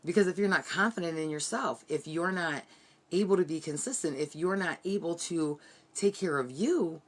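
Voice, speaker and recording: A woman's voice: lowish voice, normal speed. Earnest woman giving a motivational pep talk. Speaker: team leader giving a sales training. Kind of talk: motivational team training talk. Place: her bedroom at home.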